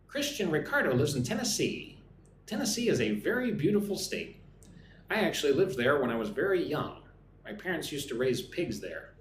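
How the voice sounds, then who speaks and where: A man's voice: on the high side, echoey room, slight background noise. Chatty Texan man teaching English. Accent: mild Texan. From Texas, USA. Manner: chatty, reads viewer comments aloud. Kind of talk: live-stream English lesson.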